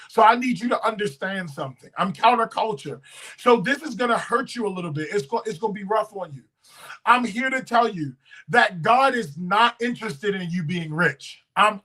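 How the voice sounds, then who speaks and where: A man in his thirties preaching a sermon as pastor, testifying with feeling and swinging from hushed moments to loud, drawn-out shouts. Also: sits high, low-quality recording. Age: 30s. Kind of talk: emotional sermon.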